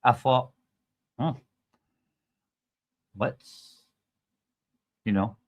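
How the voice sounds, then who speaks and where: A Scottish man talking on his live stream, rambling from one point to the next with plenty of swearing. His pitch sits in the middle of the range, and he drags his words out at an unhurried, slow pace. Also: dull audio. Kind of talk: casual stream commentary.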